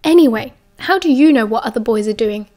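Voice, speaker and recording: A woman's voice: a little high, expressive, brisk, a little mellow, faint music behind, lightly acted. A woman reading an audiobook, voicing a cocky teenage boy who banters cheekily. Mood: cheeky.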